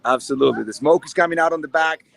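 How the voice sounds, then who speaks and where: A man roving an outdoor farmers market for a live show, talking excitedly as he walks. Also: on the high side, very fast, creaky, dry recording. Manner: excited, talks while walking. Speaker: roving reporter. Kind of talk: live on-location chat.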